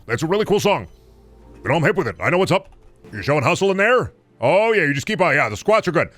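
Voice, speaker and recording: A man streaming a game, talking quickly and rambling through silly bits. His pitch leaps up and down as he jokes and swears freely, with faint music under his voice. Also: very animated, no room sound. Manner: rambling, goofy, swings to loud high bits. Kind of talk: casual gameplay commentary.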